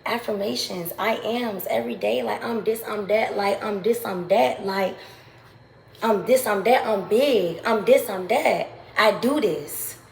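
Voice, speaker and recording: A woman's voice: medium pitch, measured pace, vocal fry, slight background noise. A woman vlogger giving a casual, profane motivational rant, hammering her points with repeated phrases. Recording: echoey room with faint ambience.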